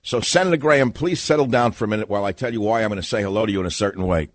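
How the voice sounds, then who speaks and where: A man's voice: fairly low pitch, very fast, dry recording, studio quality, natural voice. A man putting on a pompous male senator who talks in endless preambles. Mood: mock-formal. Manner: mock-formal, endlessly preambling.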